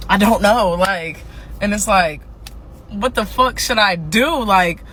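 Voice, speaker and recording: A woman's voice: mid-range voice, slow, a bit bright, slight background noise. A worn-out woman ranting casually, frustrated, swearing and repeating herself. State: exhausted. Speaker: TikTok ranter.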